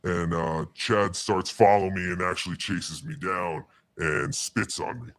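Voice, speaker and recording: A man telling a story in a deadpan, halting way as an interview guest. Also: low-pitched, no echo. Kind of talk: casual storytelling.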